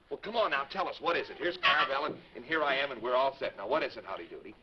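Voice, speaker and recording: A man's voice: on the high side, animated, quick pace. A man hosting a live children's show, coaxing the kids in a friendly way, on a noisy lo-fi 1950s TV broadcast. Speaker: children's TV host.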